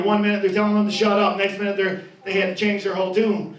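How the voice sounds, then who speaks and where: Man, pastor, high voice, emphatic sermon, repeats key phrases, echoey church, distant mic. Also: level tone, fast. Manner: emphatic, repeats key phrases, reads scripture then preaches.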